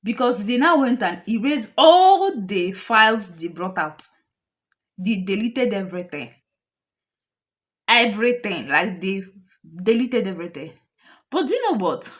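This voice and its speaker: A woman's voice: mid-range voice, big pitch swings, a little slow, pauses often. A woman with a Nigerian accent, hosting a casual reaction commentary and chatting directly to her viewers as family, repeating points for emphasis. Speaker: commentary host.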